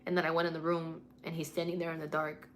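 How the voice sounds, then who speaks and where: Lowish-voiced woman chatting on a livestream. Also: flat delivery, fast, fairly bright tone, a little hiss or hum. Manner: mixes english and spanish, swears freely, candid. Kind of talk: casual livestream chat. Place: home at night.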